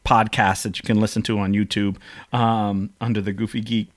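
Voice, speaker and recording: A man's voice: on the low side, flat delivery, normal speed. A man hosting a podcast, telling stories in an emotional, rambling casual chat. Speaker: podcast host.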